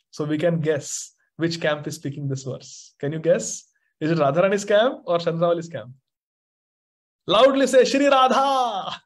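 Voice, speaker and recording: A man giving a devotional scripture class, chanting verses and explaining them with lively emphasis. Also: fairly high pitch. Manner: animated, chants verses and mixes in Hindi phrases. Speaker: spiritual teacher.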